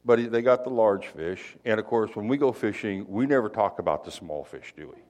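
A man's voice: fairly low pitch, fairly quick, darkish tone. A male pastor giving a conversational sermon in a folksy, chatty way, full of asides and rhetorical questions.

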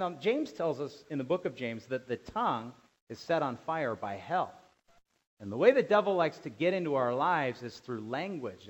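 A man preaching a sermon as pastor, animated, dropping to quiet asides and rising to loud emphatic bursts. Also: mid-range voice. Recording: dull lo-fi sound.

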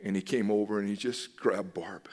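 A pastor with a low voice delivers an earnest, emphatic sermon, repeating phrases to hammer home each point. A long reverb makes his voice ring as though it fills a church hall. His tone stays steady and slightly mellow at a moderate pace.

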